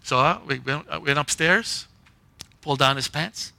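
A man's voice: on the high side, normal speed, gravelly, pushed and bright. A man preaching a conversational sermon, telling a personal story in short punchy phrases and often checking in with "right?" and "okay?". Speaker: pastor.

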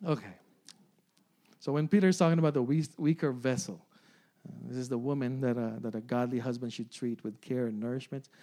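A man's voice: mid-range voice, steady tone, brisk, warm tone. A man in his forties preaching a sermon, often repeating phrases, asking the congregation "amen?" and "right?", and laughing along. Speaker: pastor.

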